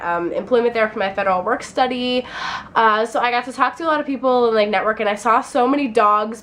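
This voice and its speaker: In a low-quality recording with a little hiss or hum, a young college student tours her dorm room on camera. Her mid-range voice has a fairly bright tone, and she rambles chattily, a bit tired, using lots of fillers.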